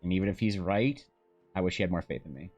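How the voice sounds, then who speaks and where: A man's voice: sits low, fast talker, a little mellow, muffled recording, faint music behind. A man chatting casually on a live stream while drawing, joking and swearing with self-mocking humor.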